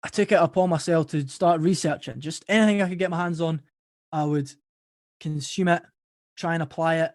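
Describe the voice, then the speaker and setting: A man's voice: on the high side, fairly even intonation, fairly quick, dry recording, studio quality. A young Scottish man talking casually as an interview guest, friendly and informal. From Scotland. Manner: informal, friendly, calls people brother and mate. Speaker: podcast host guest.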